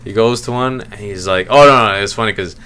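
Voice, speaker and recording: Animated man retelling a funny story. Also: on the low side, brisk, clear, resonant tone. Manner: animated storyteller, acts out voices while retelling. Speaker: podcast co-host. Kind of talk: casual chat.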